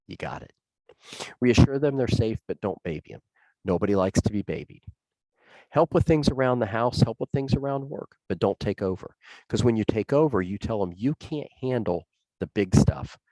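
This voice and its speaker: A folksy man gives a presentation in a very low voice. He talks plainly and tells stories, hammering points home through repetition. The recording is close and completely dry. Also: a little mellow, no echo, poor audio. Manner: folksy, plain-spoken storytelling with emphatic repetition. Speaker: public safety speaker. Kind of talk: conversational presentation.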